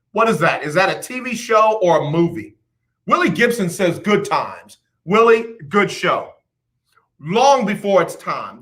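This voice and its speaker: High bright-voiced male radio host. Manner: chatty, repeats words, animated storytelling. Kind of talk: casual radio talk. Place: radio studio.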